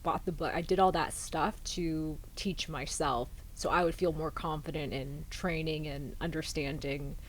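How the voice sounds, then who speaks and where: Woman, very low voice, candid emphatic podcast talk, faint noise behind. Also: steady tone, moderate pace, few pauses, poor audio. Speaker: fitness coach, podcast co-host. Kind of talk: casual podcast chat.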